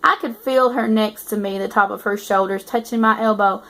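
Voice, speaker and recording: A woman's voice: medium pitch, fairly even intonation, normal speed, sharp tone. A woman reading aloud as a teasing eighteen-year-old male student narrating his story. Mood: amused. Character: cocky teasing young male college narrator.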